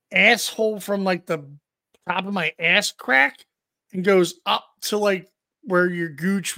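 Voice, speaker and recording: Casting: man, high gravelly voice, rambling profane storyteller, dry booth sound. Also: sharp tone, dry recording. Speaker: podcast co-host. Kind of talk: crude casual storytelling.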